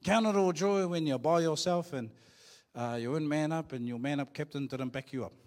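A man's voice: on the high side, normal speed, a little mellow. A middle-aged man with a New Zealand accent preaching a sermon in a church, joking and calling out to the congregation. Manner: joking, playful preaching with call-and-response. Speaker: pastor.

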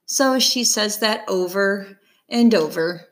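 A woman narrating a children's novel in the first person, calm and measured. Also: mid-range voice. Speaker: audiobook narrator.

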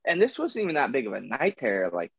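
A man's voice: mid-range voice, quick pace, vocal fry, slightly rough, no room sound, low-quality recording. Guy in his 20s telling wild stories on a podcast, swears a ton, super dry sound. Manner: swears a lot, animated storytelling. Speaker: podcast guest. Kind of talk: casual podcast chat.

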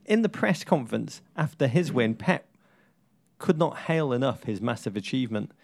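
A man's voice: mid-range voice, very animated, normal speed, gravelly, dry recording, studio quality. A man co-hosting a comic football podcast, speaking in florid, theatrical phrases. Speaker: podcast co-host.

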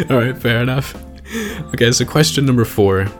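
A man's voice: mid-range voice, lively intonation, a little slow, faint music behind. A man hosting a podcast, talking in a chatty, casual way with fillers and laughs. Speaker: podcast host.

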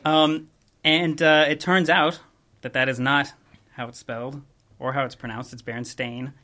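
A young man hosting a podcast, telling a story in casual chat with a laid-back, rambling manner and quick chuckles. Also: on the high side, flat delivery, pushed and bright. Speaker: podcast host.

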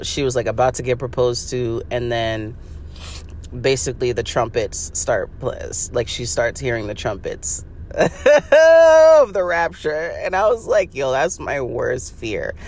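A woman's voice: very deep voice, darkish tone, slight background noise. A young woman hosting a podcast, talking in a rambling, profane comedic monologue full of "like" and laughter. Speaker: podcast host.

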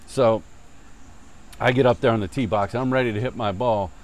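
A man telling a golf story in casual chat, swearing often and acting out the shouting people in it. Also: medium pitch, normal speed. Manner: animated, swearing, mimics yelling voices in stories.

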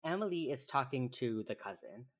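Podcast co-host, mid-pitched, casual recap, talky and loose. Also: very animated. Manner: chatty, quick asides, frequent "like" fillers. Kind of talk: casual episode recap chat.

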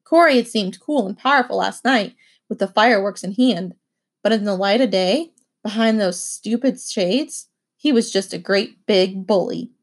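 A woman reading a children's novel aloud with expressive first-person narration. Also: medium pitch, normal speed. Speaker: audiobook reader.

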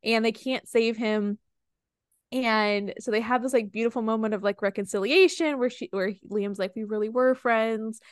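A young woman chats casually as a podcast co-host, retelling a story and circling back with many fillers and restarts. Her voice is smooth and resonant, and the recording is close and dry, with no room sound. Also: on the high side, moderate pace, no room sound. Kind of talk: casual book discussion.

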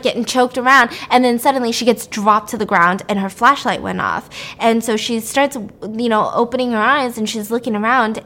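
A young woman with a fairly high voice tells a horror story as a casual podcast host. She talks in an animated, loose way, swearing freely and laughing her way through the tale. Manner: animated, laughing, profane, acts out quotes.

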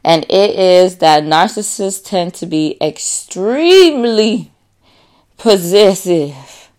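A low-pitched woman talks straight into her own podcast in a loose, unscripted monologue. She is blunt and freely profane, calls her listeners y'all, and slips into acted-out voices to make a point. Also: slow pace. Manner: blunt, profane and animated, acts out quotes. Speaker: podcast host. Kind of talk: casual solo podcast monologue.

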